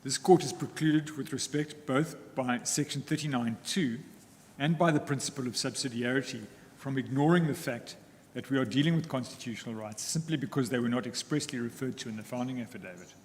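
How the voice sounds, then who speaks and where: Measured male advocate. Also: mid-range voice. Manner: measured, deliberate, formal, with frequent pauses. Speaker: counsel for the applicants. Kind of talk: formal legal argument in court. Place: courtroom. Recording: echoey courtroom with faint ambient noise.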